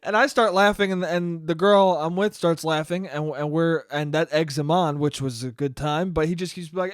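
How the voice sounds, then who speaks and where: A young man with a fairly high voice tells a story on his solo podcast, animated and profane, breaking into laughing asides. He speaks close to the mic in a dry, dead room. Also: moderate pace, hardly any pauses, smooth, dry recording. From American suburbs. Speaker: podcast host. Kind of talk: casual solo podcast monologue.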